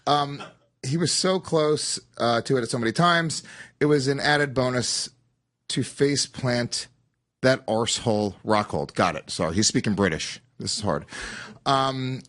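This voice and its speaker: A man's voice: mid-range voice, a little slow, a bit bright. A man hosting a podcast, reading listener questions in a loose, profane way. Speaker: podcast host.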